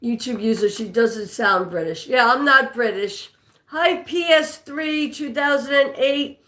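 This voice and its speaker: A woman's voice: a little high, measured pace, a bit bright. A woman with a New York accent hosting a live trivia stream, chatting with viewers and reading their comments aloud. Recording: echoey room.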